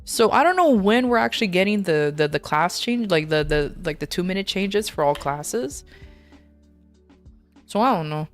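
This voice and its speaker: Animated woman streamer, lively pitch. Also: normal speed, faint music behind. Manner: animated, rambling, exasperated ranting. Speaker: VTuber streamer. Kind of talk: casual gaming stream chat.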